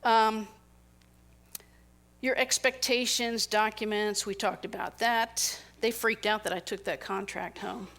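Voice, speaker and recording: A woman's voice: mid-range voice, slow pace. A middle-aged woman giving a conversational sermon, telling personal stories and acting out the people in them. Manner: animated storytelling, acting out quoted people. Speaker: speaker.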